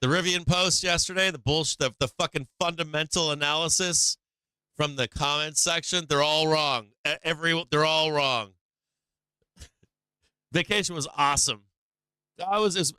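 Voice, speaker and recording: A man's voice: a little high, sharp tone, clean tone, no room sound, clean studio sound. A man hosting a casual live stream, swearing a lot, taunting and gleeful, sometimes breaking into a sing-song carnival barker call.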